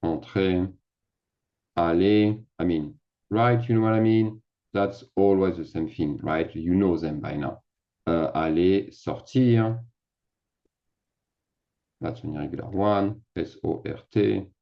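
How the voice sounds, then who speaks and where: The sound is muffled, catching a low, gravelly male voice that moves slowly and pauses often. He's a French teacher running a casual screen-share lesson, thinking aloud as he types in a chatty, self-deprecating way.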